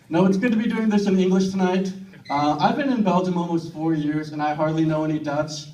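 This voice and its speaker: A man performing a stand-up comedy set with a deadpan, self-deprecating delivery, in a comedy club with a laughing audience. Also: sits high, normal speed, far from the mic, a crowd in the background. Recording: roomy club, mic heard from afar, audience laughing.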